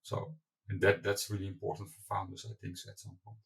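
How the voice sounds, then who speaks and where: A man's voice: deep voice, monotone, a little fast, distant mic, poor audio. A man, a company founder being interviewed, answering candidly with loose asides and restarts. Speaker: company founder and CEO, guest.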